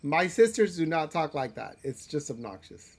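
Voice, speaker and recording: A man's voice: a little high, very animated, normal speed, creaky, breathy edge. A man streaming a role-playing game live, talking in a rambling, self-deprecating way with frequent restarts and filler words. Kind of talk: casual live gameplay commentary.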